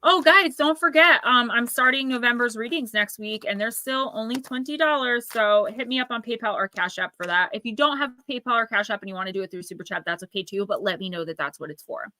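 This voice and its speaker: On a dry recording, a woman in her forties with a Jersey accent reads tarot live, her slightly high voice expressive, pushed and bright. She keeps up a chatty flow, addressing viewers by name between quick asides.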